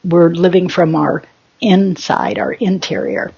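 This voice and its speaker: A woman's voice: lowish voice, steady tone, measured pace, creaky, a little mellow, husky, dull audio. A woman hosting a spiritual talk show, chatting in a rambling, self-mocking and giggly way.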